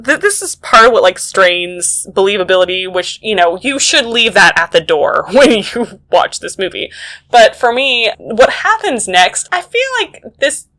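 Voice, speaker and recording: Bright, chatty woman podcast host. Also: mid-range voice, unhurried. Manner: chatty, animated retelling with lots of "like". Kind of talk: casual movie recap chat.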